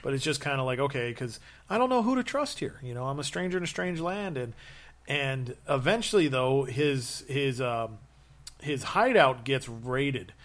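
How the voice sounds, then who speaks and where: A man's voice: mid-range voice, normal speed. A man in casual chat, telling long stories with many fillers and restarts and acting out quotes. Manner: rambling, animated storytelling with acted-out quotes.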